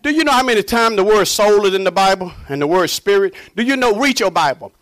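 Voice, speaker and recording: A fervent male preacher with a fairly high voice for a man. He swings from booming, shouted declarations down to low, hushed murmurs. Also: lively intonation, fast talker. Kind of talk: sermon.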